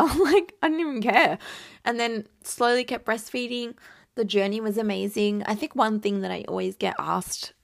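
A woman's voice: a little high, normal speed, gravelly, dry recording, studio quality. A young woman in her twenties, a new mother telling her birth story in a chatty way, full of "like" and quoted asides. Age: 20s. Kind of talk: casual storytelling.

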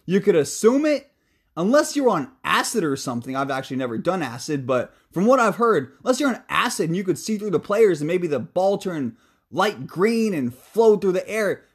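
A man's voice: high voice, husky. Fired-up young man ranting about football. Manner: heated, animated, swears freely, calms himself down. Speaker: sports podcast host. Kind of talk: casual sports commentary rant.

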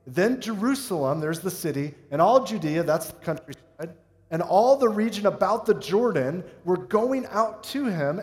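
A man gives a sermon in a relaxed, joking style, tossing questions out to his listeners. His voice sits a little high for a man. The sound carries the long reverb of a large hall. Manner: conversational, joking, asks the congregation questions. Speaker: pastor.

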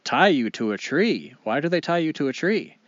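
A man voicing a wise wild male wolf who speaks slowly and sadly. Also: medium pitch, wildly swooping pitch, husky, no room sound, heavily acted. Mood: puzzled. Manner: slow, grave, sorrowful. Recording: dull lo-fi recording.

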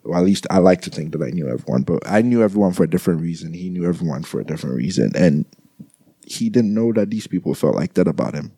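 A young man speaking in a halting, grieving monologue, often repeating words as he talks quietly to his listeners. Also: low voice, lively intonation, creaky, breathy edge, dry recording. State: grieving, subdued.

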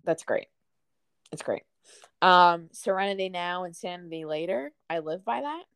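A young woman with a lowish voice chats casually about favorite lines, dropping "um" between thoughts. The sound is dry and close, with no room around it. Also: moderate pace, smooth, dry recording. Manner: relaxed, fond, many "um"s. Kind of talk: casual chat.

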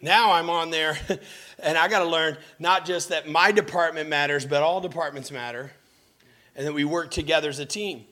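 A man's voice: on the high side, normal speed, sharp tone. A man preaching a sermon as a pastor. He tells stories about himself, asks his listeners direct questions and jumps into mocking voices.

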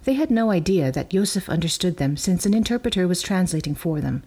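A woman reading scripture aloud in a measured, clear storytelling manner. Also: fairly low pitch, expressive, dark tone. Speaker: reader.

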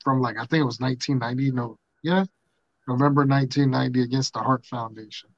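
A man's voice: mid-range voice, steady tone, quick pace, no room sound. A man hosting a podcast in casual, rambling banter, laid-back and swearing freely, on dull lo-fi audio. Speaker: podcast host.

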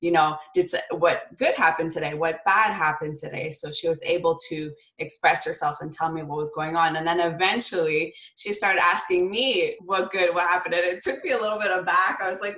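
A woman's voice: sits low, steady tone, moderate pace, fairly bright tone. A woman telling earnest personal stories in casual conversation, often restarting her sentences. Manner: earnest, storytelling, frequent restarts. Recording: echoey room.

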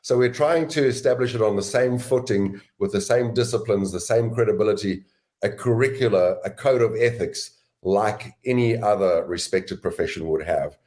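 Low-voiced man explaining deliberately. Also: a little mellow. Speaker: guest author and sales educator. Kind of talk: interview answers.

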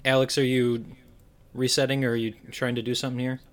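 A man's voice: mid-range voice, little pitch movement, fairly quick. A man co-hosting a casual gaming podcast over a video call, teasing and dry. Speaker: podcast co-host. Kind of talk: casual chat.

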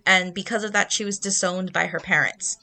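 Bright-voiced young woman in chatty talk. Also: medium pitch, a little fast. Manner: chatty, animated storytelling with fillers. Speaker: book podcast co-host. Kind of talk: casual book discussion.

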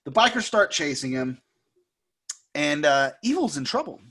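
High, lively man recapping a movie. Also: moderate pace, slightly rough. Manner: animated storyteller who puts on squeaky impressions; jokey, laughs often. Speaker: podcast co-host.

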